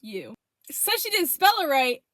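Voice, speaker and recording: A young woman tells a storytime vlog with a high, bright voice that swings widely up and down. Her delivery is emphatic and slangy, with plenty of cursing, and the sound is dry and close. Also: big pitch swings, unhurried, dry recording. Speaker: vlogger.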